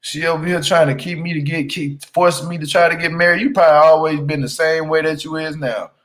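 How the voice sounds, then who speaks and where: A man's voice: on the high side, steady tone, fast talker, a bit bright, poor audio. A man giving casual, slangy recap commentary on a reality show, teasing and laughing as he talks. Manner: repeats "you hear me" for emphasis.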